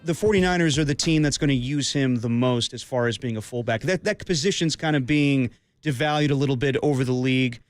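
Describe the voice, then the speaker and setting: A man hosting a sports talk radio show, talking briskly through the news. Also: medium pitch, no room sound, faint music behind.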